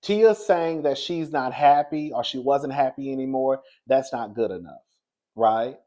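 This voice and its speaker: In unhurried celebrity gossip commentary, a man stays chatty and sassy and keeps calling his viewers "girl." His voice swings from low murmurs up to high, excited bursts.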